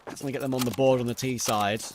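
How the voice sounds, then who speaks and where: A young London man from England casually commentates an esports match solo, reading chat and answering viewer questions between plays while losing his voice. He has a medium-pitched, steady voice and talks fast, with very noisy game sound and gunfire behind him.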